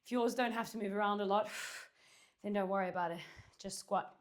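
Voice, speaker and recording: A woman's voice: mid-range voice, steady tone, brisk. A woman teaching a Pilates and dumbbell workout at home, out of breath, cueing and counting reps while she exercises, recorded by a camera at a distance. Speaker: Pilates instructor. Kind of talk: workout instruction. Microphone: far camera.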